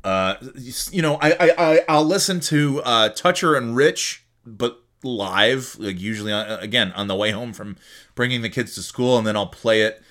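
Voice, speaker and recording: A man hosting his own podcast from home, talking off the cuff at a middle pitch. He rambles and makes jokey, self-mocking asides in a casual solo chat. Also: moderate pace, a bit bright. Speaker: podcast host.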